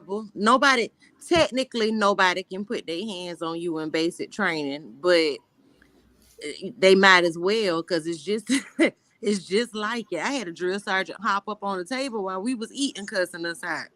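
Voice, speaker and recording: A woman's voice: mid-range voice, normal speed, a bit bright, no room sound. A woman from Florida chatting casually on a live stream, blunt and joking in a laid-back way.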